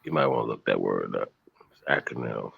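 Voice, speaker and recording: A man's voice: very deep voice, animated, brisk, creaky, husky, no echo, narrow, tinny audio. A man hosting a casual livestream chat, laid-back and rambling, with many restarts. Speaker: host.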